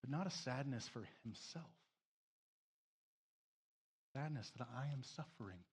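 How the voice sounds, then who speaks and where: A man preaching a sermon, emotional, swinging between loud emphasis and a soft hush, tearful at moments. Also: medium pitch, expressive, measured pace, slightly rough. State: crying. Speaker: pastor.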